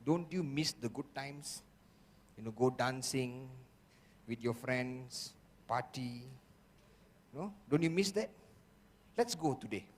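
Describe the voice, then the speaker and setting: A man voicing a sly, scheming inner voice with a hushed, conspiratorial tone. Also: medium pitch, moderate pace, pitched below the performer's own voice, lightly acted. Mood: coaxing. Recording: long hall reverb.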